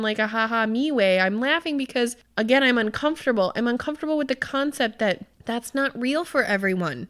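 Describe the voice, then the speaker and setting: A woman's voice: fairly high pitch, a bit bright, smooth. Woman podcast host, casual chat, super earnest and emphatic, swears a lot. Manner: earnest, passionate.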